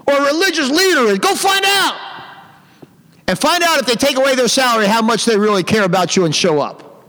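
A man's voice: very high voice, sharp tone, big-room sound. A male pastor preaching a fiery sermon in a church. He reads scripture in the King James style and rants scornfully at his targets. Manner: scornful ranting, archaic King James reading. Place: church sanctuary.

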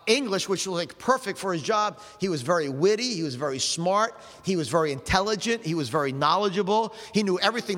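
A man's voice: high-pitched, a bit bright, long reverb tail. A man from South Jersey preaching in a folksy, rambling storytelling way, dropping "amen" between anecdotes. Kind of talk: storytelling sermon.

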